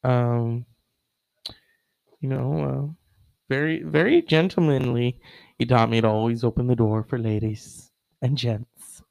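A man's voice: medium pitch, steady tone, unhurried, gravelly, long pauses, a little mellow, no room sound, poor audio. A man hosting a casual online show, rambling with many fillers and wry asides.

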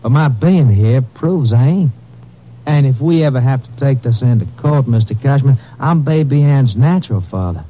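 A man's voice: mid-range voice, animated, natural voice. A man playing a drawling sly blackmailer. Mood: sly menacing. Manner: slow folksy drawl, sly and threatening. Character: drawling menacing young male blackmailer. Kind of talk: vintage radio drama acting. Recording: muffled old radio recording.

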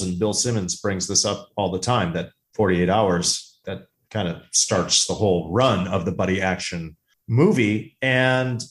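A man co-hosting a casual movie podcast, talking with enthusiasm and telling stories. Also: fairly low pitch. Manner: animated, enthusiastic storyteller. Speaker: podcast co-host.

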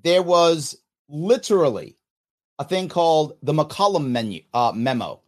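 Man, 50s, podcast host reading comments aloud: lively swooping delivery, pitched a touch high. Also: a little slow. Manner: animated, emphatic, quotes others in exaggerated voices. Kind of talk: casual talk reading listener comments.

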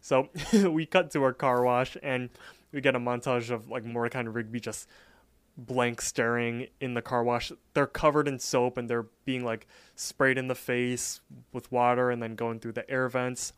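A man's voice: mid-range voice, steady tone, moderate pace, clear, resonant tone, dry recording. A man co-hosting a podcast who chats and recaps an episode in a laid-back way, laughing easily and trailing off mid-thought. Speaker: podcast co-host. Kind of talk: casual chat and episode recap.

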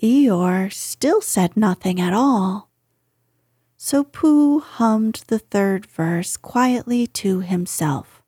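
A woman reading a children's storybook aloud with calm, unhurried narration. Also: mid-range voice, husky, no echo, clean studio sound.

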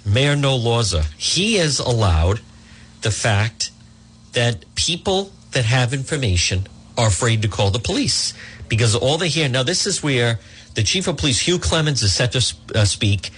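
Indignant husky-voiced talk radio host man. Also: mid-range voice, very animated, moderate pace, fairly bright tone. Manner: indignant, ranting, reads live ads.

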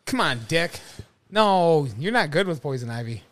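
Podcast host, male, crude quick banter, lively and slightly high voice. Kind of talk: casual movie commentary chat.

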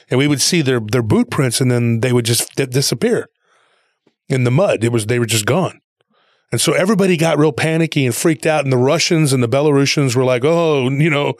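A man's voice: mid-range voice, a little fast, dry recording, studio quality. A man casually retelling a story he heard, rambling along with plenty of "he goes" and "he's like".

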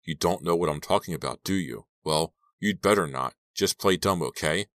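Man doing a menacing young thug, very deep voice, quiet and calm, dry close mic. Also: moderate pace, no echo. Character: menacing unstable young man in leather jacket.

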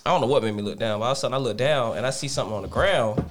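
A young man telling a funny childhood story in casual chat, animated and laughing, acting out voices. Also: medium pitch, very fast. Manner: animated, laughing, acts out voices in his stories. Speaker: podcast co-host.

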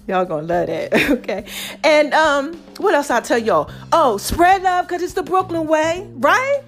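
A woman's voice: high voice, big pitch swings, measured pace, faint music behind. A woman vlogger giving casual motivational advice to her viewers, playful and laughing, calling them "baby" and "y'all".

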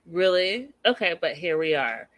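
A woman's voice: lowish voice, very animated, normal speed, dry recording. A woman chatting casually and sassily to her viewers as she recaps a reality show episode. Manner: chatty, sassy, talks to viewers.

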